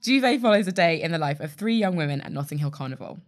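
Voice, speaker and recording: A woman's voice: low voice, expressive, quick pace. A woman hosting a podcast interview, effusive and openly emotional. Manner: effusive and warm-hearted, emotional. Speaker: podcast host.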